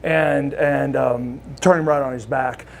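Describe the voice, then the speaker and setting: A man from Oklahoma telling a casual story as a guest, animated and acting out what others said. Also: medium pitch, a little slow, creaky, a little hiss or hum. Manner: animated storyteller who acts out the voices of others. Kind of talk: casual anecdote.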